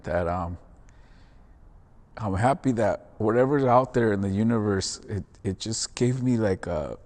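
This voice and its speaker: A man's voice: fairly low pitch, measured pace, darkish tone, long reverb tail. A man who performs in theater, talking in a casual, earnest and reflective way during an interview, often calling the listener "man".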